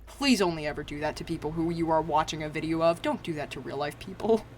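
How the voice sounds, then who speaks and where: A low-pitched, fast-talking American woman streams a game and chats casually with her audience, laughing frequently, cursing freely, and poking fun at herself. A little hiss or hum can be heard.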